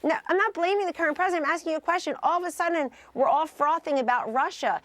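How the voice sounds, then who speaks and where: A woman's voice: very high-pitched, fast, a bit bright, no room sound. A middle-aged woman from the United States, a political adviser, arguing insistently and interrupting in a heated TV interview.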